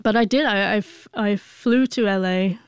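A woman's voice: mid-range voice, normal speed, smooth, dry recording, clean studio sound. A woman in her forties with a stutter, telling an emotional personal story as an interview guest, with frequent sound blocks and restarts. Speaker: guest, author.

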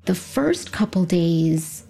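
A woman's voice: on the low side, expressive, slow pace, gravelly, warm tone, soft background music. A woman immigration lawyer telling a story in a casual interview. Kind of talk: interview conversation.

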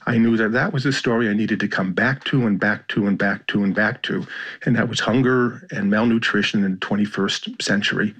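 A man with an American accent, a journalist and foreign correspondent, speaking thoughtfully in an interview with frequent pauses and restarts. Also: fairly low pitch, steady tone, fairly bright tone, breathy edge. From United States. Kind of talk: reflective interview storytelling.

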